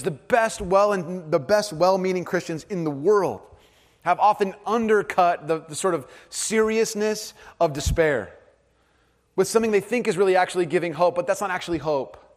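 A man in his thirties preaching a sermon, earnest, moving between hushed and animated storytelling. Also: high voice, moderate pace. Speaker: pastor. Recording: hall with long reverb.

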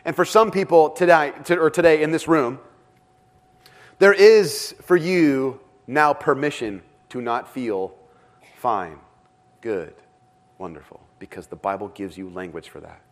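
A man preaching a sermon as pastor, dramatic in delivery and often dropping to a hush for emphasis. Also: on the high side, unhurried. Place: church with several rooms.

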